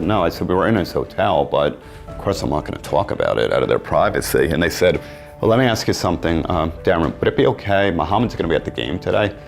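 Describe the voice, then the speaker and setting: A middle-aged man, an interview guest, telling a long story in an animated way and acting out what others said. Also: deep voice, gravelly. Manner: animated storyteller, acts out quotes. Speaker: interview guest, sports marketing agent.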